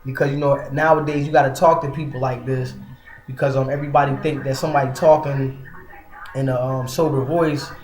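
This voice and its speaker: A man giving a casual religious monologue online, soft in tone but emphatic and scolding, full of fillers like "man" and "you know". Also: medium pitch, flat delivery, a little fast, reverberant. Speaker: online preacher.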